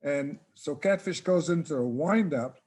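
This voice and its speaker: An older man and former ballplayer, relaxed and casual, telling a long anecdote in an interview and acting out the dialogue. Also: fairly high pitch, unhurried, husky. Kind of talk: casual storytelling.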